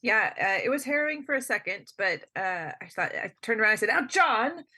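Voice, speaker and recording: A woman playing a tabletop role-playing game, animated and giggly. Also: mid-range voice, quick pace, no echo, studio quality. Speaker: player.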